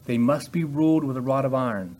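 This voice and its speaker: A man preaching a sermon with emphatic delivery that rises in pitch and volume on key points. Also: a little fast, a little mellow.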